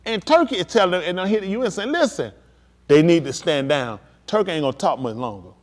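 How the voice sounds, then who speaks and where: A man preaching on a livestream, emphatic and addressing his listeners directly, building to excited peaks. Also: high-pitched. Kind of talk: livestream preaching on world events.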